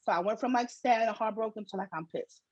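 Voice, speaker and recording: A middle-aged New woman spins a long story on her podcast, slangy and animated. Her voice is husky, with a dry, close feel. The recording is a little dull and lo-fi. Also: mid-range voice, fast talker, dry recording. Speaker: podcast co-host. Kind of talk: casual storytelling chat. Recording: dull, slightly lo-fi sound.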